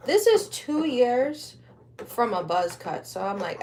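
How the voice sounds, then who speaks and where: Slow-drawling young woman streamer, slangy and rambling. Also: a little high, very animated, darkish tone, slight background noise. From Wisconsin. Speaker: livestreamer crafting a rug. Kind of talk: casual livestream chat.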